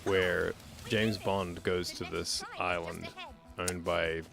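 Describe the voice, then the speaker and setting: A man's voice: low-pitched, little pitch movement, slow pace, creaky, music in the background. A man co-hosting a game livestream, rambling in a jokey, offhand way and slipping into silly voices. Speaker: livestream co-host. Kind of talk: casual banter over a game stream.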